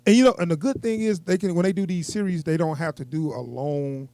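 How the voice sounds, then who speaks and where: A man co-hosting a podcast, talking with a slightly high voice. He chats casually and gets animated when he acts out other people. The sound is dry and close. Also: fairly quick, dry recording. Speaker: podcast co-host. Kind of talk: casual chat.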